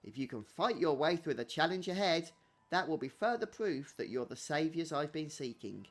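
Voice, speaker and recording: A fanciful, gentlemanly male rabbit who guides dreamers on magical journeys, as a man puts him on. He speaks in a lilting, overly polite, theatrical way, his voice sitting a touch high. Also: very animated, normal speed. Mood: grandiose.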